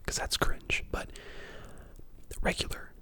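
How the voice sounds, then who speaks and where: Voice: takes it slowly, sharp tone. A person in their twenties whispering a casual ASMR ramble at home, chatty and full of fillers. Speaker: ASMR creator and dental student.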